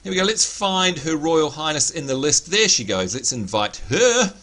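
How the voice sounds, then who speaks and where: Talking at a normal speed, an excitable man hosts a laid-back gaming livestream and greets viewers by name. He sounds bright and forceful, pitched a bit high with slight hoarseness.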